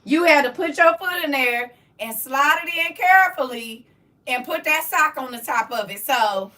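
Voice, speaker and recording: This middle-aged host of a relaxed home livestream reads the chat, laughs often and teases her audience. Her high, bright voice is expressive and forceful at a moderate pace. She is far from the microphone.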